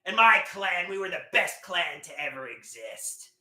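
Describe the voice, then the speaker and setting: Loud, crude man shouting through improvised songs. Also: high-pitched, very animated, normal speed. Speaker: livestream host. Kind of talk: rambling live stream with improvised songs. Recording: roomy echo.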